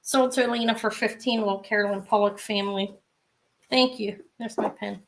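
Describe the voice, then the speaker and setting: A woman's voice: medium pitch, fairly even intonation, brisk. A middle-aged woman chatting casually as she sells jewelry in a live-stream auction, rambling with asides.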